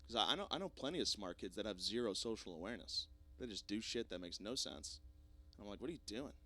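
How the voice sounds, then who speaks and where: A young man hosting a podcast, rambling through a jokey, self-deprecating solo monologue with plenty of swearing, swinging between loud bursts and mumbled asides. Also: fairly low pitch, animated, fast talker. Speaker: podcast host.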